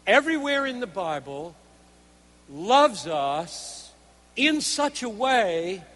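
High-voiced emphatic male preacher in a hall. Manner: earnest, emphatic, shifts between hushed and forceful. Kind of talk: sermon. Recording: hall reverb.

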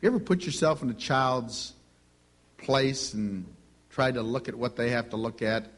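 A middle-aged man delivers a sermon in a medium-pitched voice. He tells homely stories with animated energy and slips into the voices of the people he describes. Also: normal speed. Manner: animated storytelling, acts out quoted voices. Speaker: preacher.

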